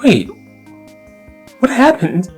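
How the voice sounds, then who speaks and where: A man voicing a soft-spoken, kind older woman who teaches middle school science, talking gently. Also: sits high, huge pitch swings, very slow, slightly rough, soft background music, voice pushed up, heavily acted. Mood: distraught. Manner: gentle, pleading, tearful.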